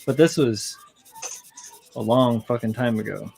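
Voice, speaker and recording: A man's voice: mid-range voice, a little slow, creaky, darkish tone, slight background noise, poor audio. A man chatting casually with friends, rambling, repeating himself and laughing often. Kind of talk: casual chat among friends.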